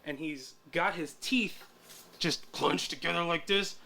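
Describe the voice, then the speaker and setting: A man, a guest tattoo artist, telling stories in a casual, animated way with plenty of swearing. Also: fairly high pitch, unhurried, creaky. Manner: animated, profane, laid-back. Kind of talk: casual storytelling.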